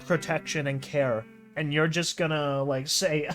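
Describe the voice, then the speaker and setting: A man with a fairly high voice reads a horror comic out loud and reacts as he goes, chatty and quick to exclaim or mock. A soft music bed runs faintly under his talk. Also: fairly even intonation. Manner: chatty, exclaiming, mocking asides. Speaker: narrator and reactor.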